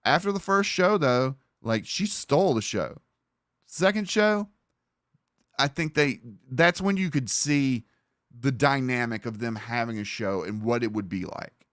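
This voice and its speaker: A man's voice: mid-range voice, a little slow, fairly bright tone, no echo. Rambling, profane man streamer, dry mic. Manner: rambling, profane, talks over the video. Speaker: livestream host. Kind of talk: casual reaction commentary.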